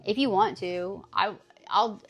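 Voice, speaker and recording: A woman's voice: medium pitch, steady tone, takes it slowly, soft background music. A woman in her thirties streaming live, chatting casually and teasing her chat, swearing freely.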